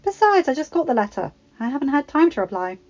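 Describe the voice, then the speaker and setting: A woman voicing a spirited, sharp-tongued teenage girl who sounds snappy and self-assured. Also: high-pitched, very animated, quick pace, pitched above the performer's own voice. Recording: slightly dull home recording.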